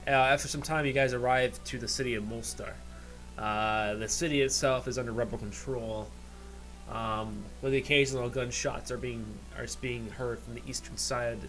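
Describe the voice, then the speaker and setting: Male game master, mid-pitched, halting narration. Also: a bit bright, low-quality recording. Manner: halting, many fillers and restarts.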